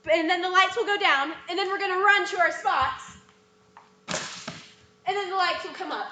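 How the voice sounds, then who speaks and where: A woman's voice: extremely high pitch, normal speed, bright, forceful tone, reverberant. A young woman teacher walking her students through a scene script, acting out lines in playful voices. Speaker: dance and theater teacher.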